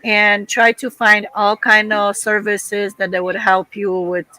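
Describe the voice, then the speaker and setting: A woman's voice: medium pitch, flat delivery, unhurried, bright, forceful tone, no room sound, low-quality recording. A woman speaking plainly and earnestly as a guest on a casual livestream chat. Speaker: guest, mother of a host.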